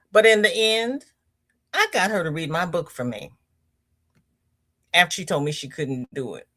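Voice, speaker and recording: A woman hosts a crochet livestream at an unhurried, leisurely pace, her voice sitting at an ordinary middle pitch. She chats casually, welcomes viewers one by one by name and reads their comments aloud. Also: a bit bright. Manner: leisurely, chatty, with pitch jumps on greetings.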